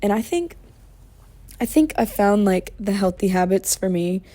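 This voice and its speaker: A woman's voice: mid-range voice, lively intonation, measured pace, mellow. A woman hosting her own podcast, chatting casually and candidly, venting with swearing and laughter. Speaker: podcast host. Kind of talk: casual solo podcast chat.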